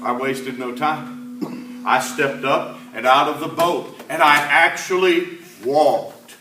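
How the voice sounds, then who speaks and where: A man's voice: fairly high pitch, slight background noise, full character voice. A man playing Peter, impulsive old fisherman. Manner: emphatic, swings between loud cries and hushed asides. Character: the apostle Peter, a rough, impulsive fisherman telling his story. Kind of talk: dramatic first-person church monologue. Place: church sanctuary. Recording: echoey church hall, mic at a distance.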